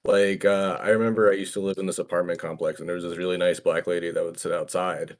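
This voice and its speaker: A man's voice: sits low, level tone, fast. A man in a casual group chat who jokes and hesitates with frequent "uh". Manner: joking, hesitant with uh.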